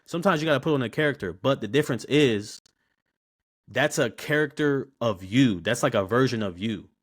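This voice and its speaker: A man, telling stories as a podcast guest in a loose, slangy, animated way. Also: medium pitch, a little fast. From Baltimore, USA. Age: 20s. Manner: animated, slangy, repeats words when starting sentences. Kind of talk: casual interview storytelling.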